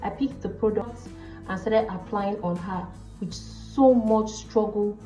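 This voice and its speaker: A young Nigerian woman vlogger telling stories about her work as a makeup artist, with a Nigerian accent and an animated manner, acting out the people in her stories. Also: medium pitch, unhurried. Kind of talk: storytelling chat to camera. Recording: roomy, slightly dull sound with faint music behind.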